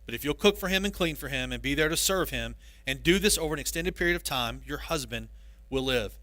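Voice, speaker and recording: A male preacher voicing a solemn doctor delivering bad news in a lower, quieter tone. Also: expressive, no echo. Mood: grave. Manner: solemn, measured.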